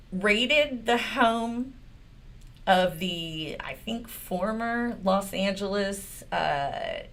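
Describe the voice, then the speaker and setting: A woman's voice: mid-range voice, fairly bright tone. A woman lawyer hosts her own commentary channel. She rants about politics in a blunt, sarcastic voice, swears often, and mocks the people she talks about with open exasperation. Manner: mocking and exasperated. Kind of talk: profane political commentary rant.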